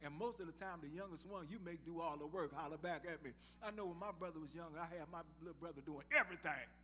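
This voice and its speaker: In a church sanctuary, a male pastor tells a Bible story through character voices and calls on the congregation to respond. His slightly high voice sounds pushed and bright, and he moves fast. Faint background noise mixes with the long reverb of live church sound.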